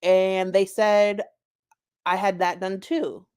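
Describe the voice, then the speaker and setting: A woman's voice: medium pitch, flat delivery, takes it slowly, a little mellow, clean tone, close to an everyday voice. A woman voicing a tiny, bubbly, childish woman who talks in a whiny, self-assured way. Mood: complaining.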